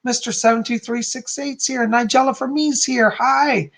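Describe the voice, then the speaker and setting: A man's voice: very high voice, fairly even intonation, normal speed, fairly bright tone. A man hosting a live psychic medium stream, chatting casually and greeting his viewers by name with an upbeat, friendly manner.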